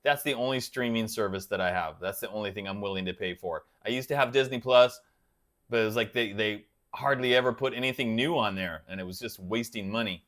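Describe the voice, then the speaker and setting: A man's voice: fairly low pitch, brisk, a bit bright. Man, casual livestream host, rambling, chatty, answers viewers by name. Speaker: guitar channel host reading live chat.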